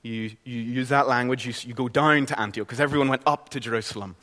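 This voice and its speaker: A man's voice: mid-range voice, steady tone, quick pace, pushed and bright. A middle-aged man with a Northern Irish accent preaching a sermon in a church, earnest and conversational. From Northern Ireland. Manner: earnest, conversational, with frequent restarts. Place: church hall. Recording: long hall reverb.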